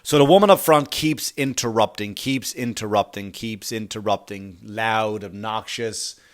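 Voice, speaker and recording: A man's voice: on the low side, unhurried. Rambling, profane male comedian telling a story. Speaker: comedian podcast host.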